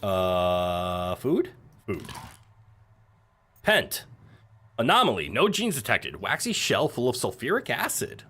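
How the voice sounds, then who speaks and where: Animated joking male game streamer. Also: on the low side, measured pace, a little hiss or hum. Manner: animated and joking, swears, talks to chat and his pet. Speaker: streamer playing a survival game. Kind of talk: casual game stream chat.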